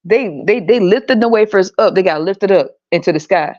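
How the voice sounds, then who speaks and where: Profane, animated woman podcast host. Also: medium pitch, normal speed, dull audio. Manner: profane, animated, laughs often. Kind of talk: casual monologue rant.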